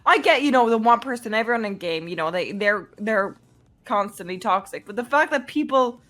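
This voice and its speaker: A woman's voice: fairly high pitch, expressive, brisk, a bit bright. A woman in casual group chat, talking indignantly and swearing heavily. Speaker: streamer guest.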